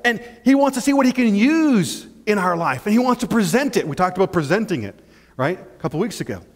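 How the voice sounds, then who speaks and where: Animated man preaching in a reverberant hall. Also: high-pitched, a little fast. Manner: animated, acts out scenes, keeps asking "right?". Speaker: pastor. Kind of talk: sermon. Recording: long church-hall reverb.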